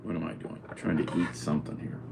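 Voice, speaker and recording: A man vlogging at home, talking in an animated, exclaiming way to his cat and the camera. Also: rumbling low, fast, vocal fry, noisy background. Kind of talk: casual chat.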